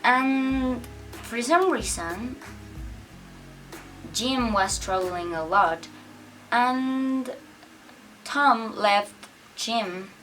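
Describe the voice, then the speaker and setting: Telling a personal story to camera, a young woman keeps things chatty, using "like" constantly and performing other people's lines. She sounds high-ish and fairly bright, recorded from a distance.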